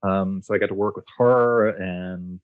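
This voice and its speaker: Low-voiced man, dry relaxed storytelling. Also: measured pace, no room sound, narrow, tinny audio. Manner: relaxed storyteller, many fillers and restarts. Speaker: guest, voice actor and screenwriter. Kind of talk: casual interview chat.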